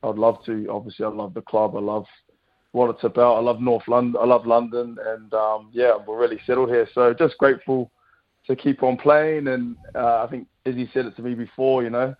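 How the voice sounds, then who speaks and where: A man's voice: mid-range voice, a little fast, muffled recording. A man, a rugby player chatting as a guest in an easygoing way, his voice a little worn from celebrating. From New Zealand. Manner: relaxed, laughing, says mate often. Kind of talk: casual radio chat.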